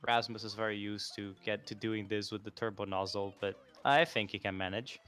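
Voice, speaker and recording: A man's voice: on the low side, steady tone, fairly quick, a bit bright, soft background music. A man co-commentating a live esports match in a jokey way, laughing often between his remarks.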